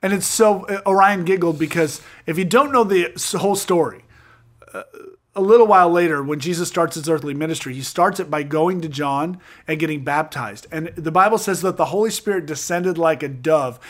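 A man hosting a casual Bible discussion, telling the stories with animated enthusiasm and quick asides. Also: on the high side. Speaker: podcast host.

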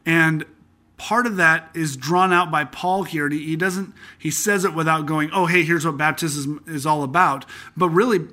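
Bright-voiced man hosting a Bible podcast. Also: on the high side. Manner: earnest, conversational, slows down to read scripture aloud. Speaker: podcast host teaching through a Bible book. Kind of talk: casual Bible-study podcast talk.

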